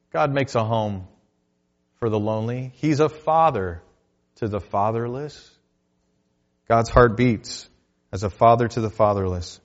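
A male pastor delivering a sermon, moving between loud declarations and quiet, hushed asides. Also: medium pitch, dull audio.

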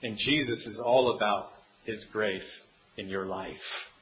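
A man preaching a sermon as pastor to a congregation, earnest, swinging between hushed pleading and emphatic declaration. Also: on the low side, slow pace, a little hiss or hum, low-quality recording.

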